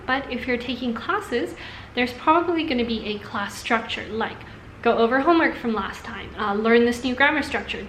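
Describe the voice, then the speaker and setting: A young woman chatting to camera about language learning, upbeat and quick to laugh. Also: on the high side, fairly bright tone, roomy sound, slight background noise. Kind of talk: casual talk to camera. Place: room indoors in Singapore during a thunderstorm.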